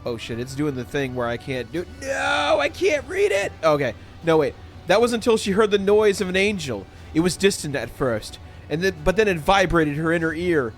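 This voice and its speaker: A man's voice: a little high, normal speed, few pauses. A man live-streaming who chats with his audience, reads out story text theatrically and keeps breaking into laughter. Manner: excitable, breaks into laughter, theatrical when reading. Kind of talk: casual live-stream chat and dramatic reading. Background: faint background music.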